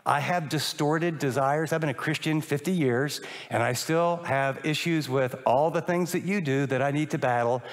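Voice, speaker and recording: An older man preaching a sermon as a pastor, animated and acting out little dialogues. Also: on the high side, moderate pace, hardly any pauses. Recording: long reverb of a large hall.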